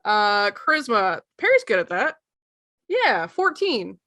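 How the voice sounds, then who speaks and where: A woman's voice: mid-range voice, very animated, sharp tone, dry recording, studio quality. A woman playing in a tabletop game, chatting casually and unhurriedly. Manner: unhurried, laughs often. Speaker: player.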